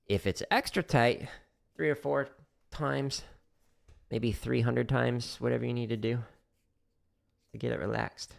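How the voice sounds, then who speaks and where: A man's voice: medium pitch, measured pace, creaky, pauses often. A man giving a casual, instructional drum lesson on a livestream from his practice room, talking through technique with fillers. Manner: relaxed instructional talk with fillers. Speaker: drum teacher. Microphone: studio microphone near drum setup.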